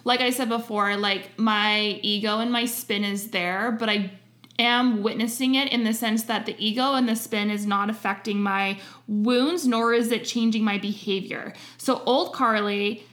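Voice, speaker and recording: A woman's voice: mid-range voice, steady tone, measured pace, a bit bright. A woman co-hosting a candid conversation, talking in a reflective, self-examining way with emphatic short phrases.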